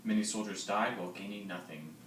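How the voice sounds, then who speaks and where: A teenage boy reading a school history project in a plain, steady way. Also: fairly low pitch, a little fast. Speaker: student presenter. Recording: roomy, distant mic, faint noise.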